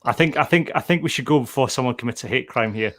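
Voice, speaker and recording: A man's voice: mid-range voice, fast, fairly bright tone, no echo. A Scottish man hosting a podcast, chatting casually and joking with his co-hosts. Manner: jokey, laughs often. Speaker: podcast host. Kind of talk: casual chat.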